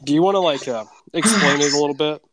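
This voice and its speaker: A man's voice: a little high, quick pace, heavy background noise. A man hosting a casual group chat on a call, joking and steering the talk. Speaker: podcast host.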